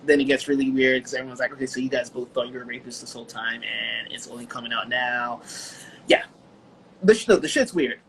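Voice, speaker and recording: A man's voice: medium pitch, brisk, a bit bright, a little hiss or hum, low-quality recording. Man recapping news with filler words. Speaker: podcast co-host. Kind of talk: casual chat.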